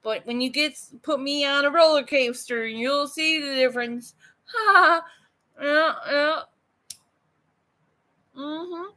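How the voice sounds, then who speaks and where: A woman's voice: high-pitched, takes it slowly, pauses often, pushed and bright. A woman from Newfoundland with a Newfoundland accent, chatting casually and bluntly with her viewers, swearing freely and laughing often. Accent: Newfoundland English. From Newfoundland, Canada. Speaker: artist vlogger. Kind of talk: casual live chat to viewers.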